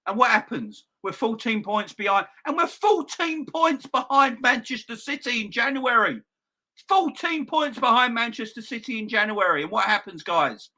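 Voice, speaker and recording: A young man hosting a football fan channel, ranting loudly and excitably with plenty of swearing. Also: sits high, normal speed.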